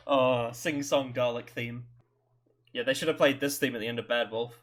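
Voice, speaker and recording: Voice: medium pitch, very animated, slow pace, pauses often. A host giving casual, rambling reaction commentary, stammering and laughing often between thoughts. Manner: swears casually.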